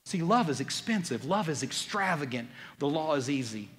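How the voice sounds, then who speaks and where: A man preaching a sermon as a pastor, swinging between loud emphatic lines and quiet, low ones. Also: expressive, brisk, few pauses, in a large hall.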